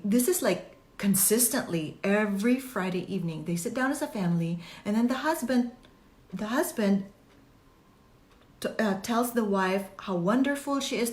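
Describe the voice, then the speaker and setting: A woman's voice: mid-range voice, darkish tone. A woman host talking earnestly and personally in a casual, rambling way, with fillers and restarts. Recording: echoey room.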